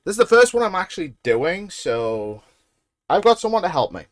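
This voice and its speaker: A man's voice: high voice, big pitch swings, normal speed, dry recording, studio quality. A British man casually chatting on a live stream while building a PC, rambling and joking at his own expense. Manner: joking, rambling, self-deprecating.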